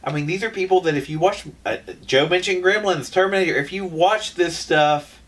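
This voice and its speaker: A man's voice: sits high, brisk, fairly bright tone, recorded from a distance. Rambling man, a bit off-mic. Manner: rambling, frequent restarts. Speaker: podcast co-host. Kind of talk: casual chat.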